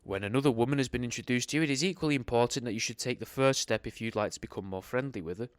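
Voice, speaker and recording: A man's voice: medium pitch, very fast, no echo. A young man reading an old etiquette book aloud, breaking off into rambling, sweary, sarcastic commentary.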